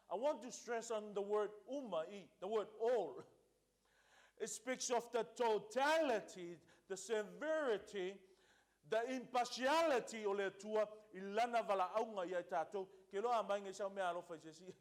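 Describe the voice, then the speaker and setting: Pastor guy preaching a sermon, high voice, repeats stuff for emphasis, flips between languages. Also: normal speed. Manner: switches between two languages, emphatic repetition.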